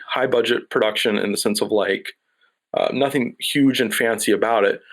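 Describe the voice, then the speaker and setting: Man telling a lively anecdote. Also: mid-range voice. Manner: lively anecdotal storyteller, acts out dialogue. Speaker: production sound mixer, podcast guest. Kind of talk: casual storytelling interview.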